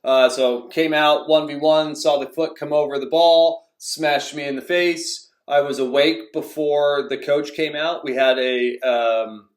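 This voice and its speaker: A man's voice: on the high side, steady tone, a little slow, hardly any pauses. Rambling young man in an echoey room. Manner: rambling, many fillers and restarts. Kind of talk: casual storytelling.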